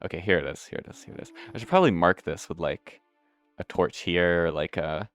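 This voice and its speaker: Deep-voiced young man rambling over gameplay. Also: fairly quick, smooth, faint music behind. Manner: meandering, self-interrupting, swears casually. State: hiccuping. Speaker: let's play host.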